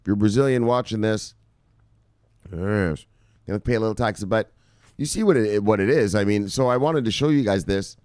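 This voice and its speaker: A man presenting crypto news in casual, profane commentary, rambling and swinging from loud outbursts to muttered asides. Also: lowish voice, normal speed, clean tone, no room sound, clean studio sound.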